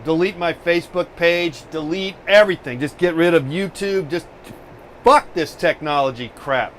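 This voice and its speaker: Male host, casual live-stream chatter, swears freely, exasperated, fairly high voice, faint hum of air conditioning behind. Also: moderate pace, fairly bright tone. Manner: profane, exasperated ranting.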